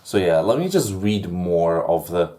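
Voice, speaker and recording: A man's voice: low voice, big pitch swings, measured pace, dark tone. A man giving a casual video book review, rambling with many fillers and restarts, wry and amused.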